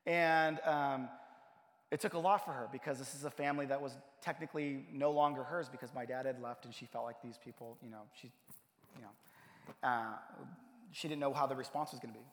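A man's voice: medium pitch, fairly even intonation, fairly quick. Man preaching in a reverberant church. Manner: storytelling, rising to emphatic preaching. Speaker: pastor. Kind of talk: sermon. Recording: long hall reverb.

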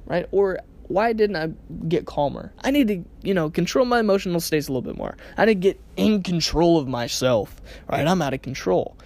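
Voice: medium pitch, darkish tone. A podcast host giving a casual self-help monologue in a conversational way, often checking in with the listener by asking "right?" and laughing now and then.

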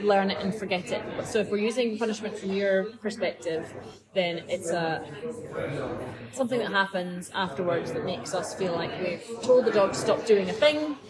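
Woman co-host, mid-pitch, talkative and thinking aloud, recorded amid heavy café chatter. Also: moderate pace, poor audio. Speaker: dog behaviourist, podcast co-host. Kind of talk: casual conversational discussion. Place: busy coffee shop. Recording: loud cafe crowd behind.

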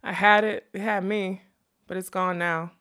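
A woman's voice: mid-range voice, fairly even intonation, a little slow, a bit bright, close to an everyday voice. A woman narrator voicing a proud, wistful young male magician who speaks earnestly and insistently, in an audiobook. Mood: grieving. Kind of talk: audiobook character reading.

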